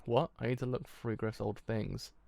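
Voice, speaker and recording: A tough young gang leader speaks in curt, sneering bursts, as a man reads him out from a comic. The voice carries a gravelly edge at a middling pitch. It is a reading, not a full performance. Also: flat delivery, normal speed, dark tone, no room sound, natural voice.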